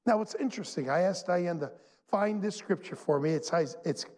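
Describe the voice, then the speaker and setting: A man pastor preaching a sermon to his church, emphatic and full of dramatic pauses. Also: sits high, darkish tone. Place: church sanctuary. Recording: long reverb in a large hall.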